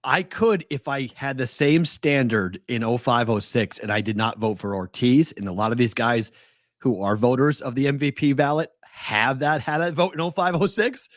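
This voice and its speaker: A man with a Boston accent, co-hosting a sports betting show, arguing his point heatedly with rapid-fire questions. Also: medium pitch, no echo, clean studio sound. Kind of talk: casual sports debate.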